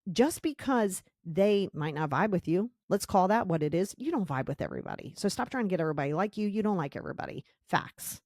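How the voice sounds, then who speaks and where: A woman's voice: on the low side, animated, fast talker, hardly any pauses, darkish tone, no echo, clean studio sound. A woman hosting a podcast, giving a blunt, emphatic motivational monologue and repeating her key points. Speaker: podcast host.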